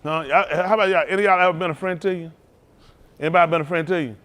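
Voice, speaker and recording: Pastor, male, higher-pitched, preaches with a call-and-response drive, from loud to hushed. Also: rapid-fire. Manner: rousing call-and-response preaching, Southern Black church cadence; animated, swings between loud and hushed. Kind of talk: sermon.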